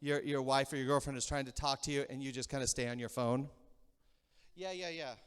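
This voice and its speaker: A man preaching a sermon as pastor, animated, acting out little quarrels and checking in with the congregation. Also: mid-range voice, clear, resonant tone. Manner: animated, acts out quick mock quarrels, asks the crowd "okay?". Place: church sanctuary. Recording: reverberant church hall.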